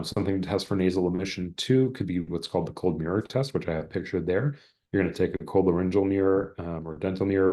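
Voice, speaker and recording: A man with a very low, deep voice gives an online lecture over a video call. He explains things conversationally and reads example sentences aloud to show them. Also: warm tone. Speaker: exam prep presenter.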